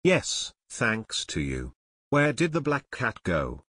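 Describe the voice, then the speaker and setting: A man reading the part of a brash teenage boy steering a speedboat, yelling over the engine in an audiobook. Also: mid-range voice, huge pitch swings, slow pace, slightly rough, no echo, heavily acted. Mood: urgent.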